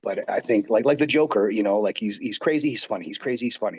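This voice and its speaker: A man's voice: on the low side, fast, darkish tone, husky. A man in his forties, a pro wrestler and coach, telling rambling stories in a casual interview, full of fillers and asides.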